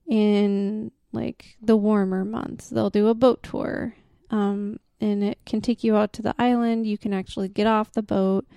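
A podcast co-host tells a story over casual chat, full of fillers and quick to laugh. Her medium-pitched woman's voice is creaky, warm, clear and resonant, captured at studio quality without echo.

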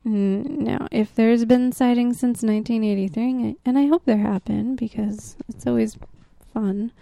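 A woman co-hosting a podcast, casually telling a folklore story, often dropping to a hushed whisper and laughing easily. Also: a little high, fairly even intonation, unhurried, creaky, no room sound. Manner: drops to a hushed whisper for the spooky parts. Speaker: podcast co-host.

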